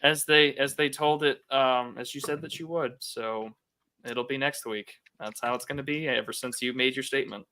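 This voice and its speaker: Halting man with a bright, smooth voice. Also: mid-range voice, fairly even intonation. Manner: halting, many fillers and restarts, wry. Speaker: podcast co-host. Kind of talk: casual podcast conversation.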